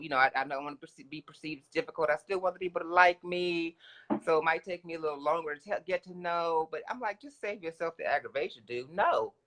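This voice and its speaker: Male co-host, bright tone, slightly high voice, animated advice-giver who cuts in with asides. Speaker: podcast co-host. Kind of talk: casual advice chat.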